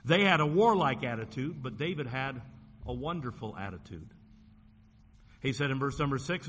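A male pastor preaching a folksy sermon in a church, slowing down and dropping low when he quotes scripture. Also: expressive, a bit bright. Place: church sanctuary. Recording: long hall reverb, faint room noise.

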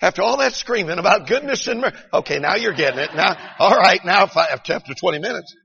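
A middle-aged preacher whose high, gravelly voice cuts through with a bright, husky edge. He swings from shouted peaks to hushed storytelling. The sound is dull and carries a long reverb from a large church hall. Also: expressive, fast. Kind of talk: revival sermon.

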